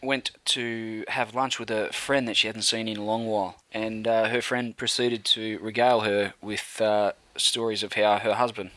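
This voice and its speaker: A man's voice: fairly low pitch, level tone, moderate pace, hardly any pauses, fairly bright tone, dry recording. A man with an Australian accent co-hosting a podcast, with a dry, sardonic humour and casual swearing. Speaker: podcast co-host. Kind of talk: casual chat.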